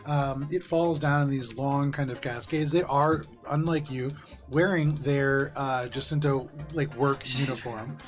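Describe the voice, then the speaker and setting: Relaxed game-master man narrating. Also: medium pitch, a little slow, faint music behind. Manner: descriptive, relaxed, frequent ums.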